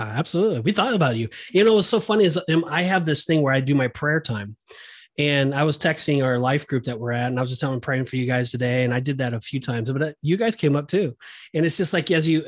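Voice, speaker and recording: A man's voice: a little high, fast, slightly rough, no room sound, clean studio sound. A man hosting a podcast in casual chat, talking in a rambling way with plenty of fillers and restarts. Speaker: podcast host.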